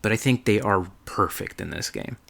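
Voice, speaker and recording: A man co-hosting a podcast, excitedly recapping a game in a rambling, casual way and swearing freely. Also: fairly low pitch, normal speed, gravelly. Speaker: podcast co-host.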